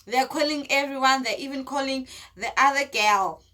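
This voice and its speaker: A young woman tells a personal story in a lively, dramatic way and acts out each scene. Her voice is high and bright. She talks straight to her viewers in a casual tone. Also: normal speed. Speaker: vlogger.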